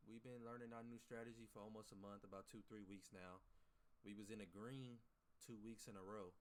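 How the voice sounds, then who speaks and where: A man day trader chatting casually to his livestream viewers, rambling and profane as he gives his chat a pep talk. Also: on the low side.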